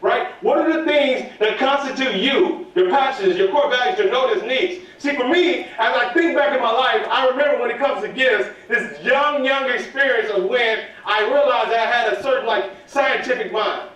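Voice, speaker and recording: At a student workshop in a large hall, a male motivational speaker tells stories with a very high voice at normal speed, barely pausing. He's animated and keeps calling out for the audience's answers, heard from far off in an echoey hall.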